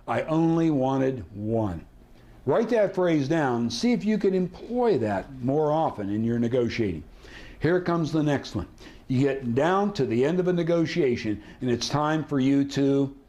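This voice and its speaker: A male negotiation trainer with a mid-range, slightly mellow voice teaches a seminar. He quizzes the room with rhetorical questions and acts out sample dialogue.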